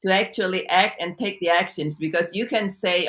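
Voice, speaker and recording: A woman coach, appearing as a guest in a casual interview over a video call, teaches through a story while halting often with restarts and repeats. Her voice is on the low side and a bit bright.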